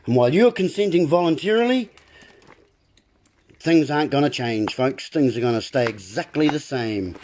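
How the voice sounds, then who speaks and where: A man's voice: a little high, darkish tone, slight background noise. A man hosting a political monologue, ranting and repeating himself as he keeps addressing his listeners as folks. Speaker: video host.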